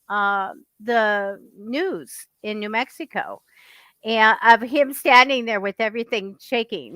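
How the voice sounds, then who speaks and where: A woman from California chatting casually as a guest, telling stories in an animated way. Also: on the high side, dry recording. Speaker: psychic guest. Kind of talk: casual chat.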